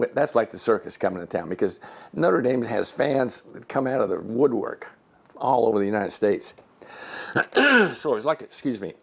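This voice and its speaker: Older man, seventies, retired officer, low gravelly voice, animated anecdote teller who voices his characters. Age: 70s. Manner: animated storyteller who acts out quoted voices. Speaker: retired Air Force general. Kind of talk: telling personal anecdotes. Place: his own home.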